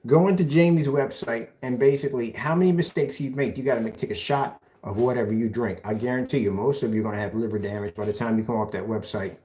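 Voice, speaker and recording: A man's voice: mid-range voice, quick pace, hardly any pauses, dark tone. A man mocking a rival in a ranting callout video, sarcastic, taunting, and repeating phrases back at him. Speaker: video blogger.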